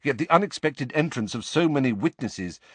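A man's voice: medium pitch, expressive, normal speed, a bit bright, slightly rough, no echo. A man narrating an audiobook expressively, voicing each character himself.

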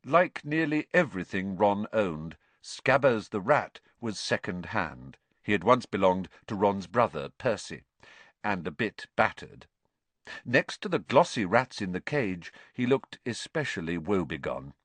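A man narrates a storybook in a vividly expressive reading. His pitch rises and falls dramatically from phrase to phrase. The recording is close and completely dry. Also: a little slow, no echo. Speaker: audiobook narrator.

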